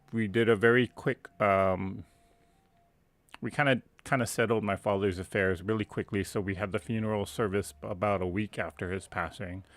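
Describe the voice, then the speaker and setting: Male host with a fairly low, dry voice, telling a casual rambling anecdote and chuckling as he goes. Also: dry recording. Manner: rambling, self-correcting, chuckles at his own story. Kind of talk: casual storytelling on a live stream.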